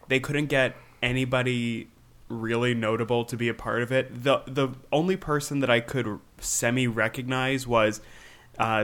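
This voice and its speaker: A man's voice: mid-range voice, fairly bright tone. A man hosting a comedy podcast about kids' movies, joking with dry asides. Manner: wry, joking, quick asides. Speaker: podcast host.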